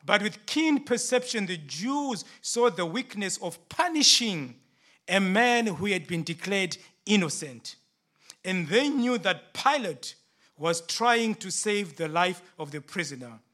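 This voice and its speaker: A male preacher delivers a sermon in an earnest storytelling manner. His voice is high-pitched and his pace is slow and deliberate. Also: lively intonation, sharp tone.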